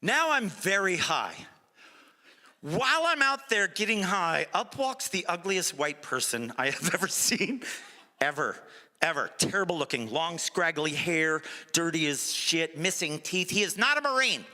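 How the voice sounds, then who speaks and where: A middle-aged male comedian works a live crowd in an animated, high-pitched voice that swoops around. His tone is bright and sharp. The sound carries a long echo from a large venue. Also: unhurried. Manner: animated, jumps into character voices. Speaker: stand-up comedian. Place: comedy stage before an audience.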